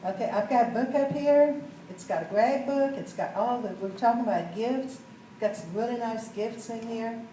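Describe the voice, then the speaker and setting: A woman's voice: on the high side, moderate pace, few pauses, dark tone, slight background noise. A woman, telling a group a folksy story about her life and asking the audience questions. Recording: echoey room, mic far off.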